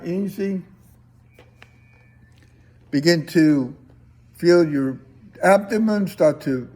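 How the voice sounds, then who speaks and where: Guy leading a breathing class, husky and mellow, takes it real slow, calm coaxing cues. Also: on the high side. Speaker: movement and breathing teacher. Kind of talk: guided breathing class instruction.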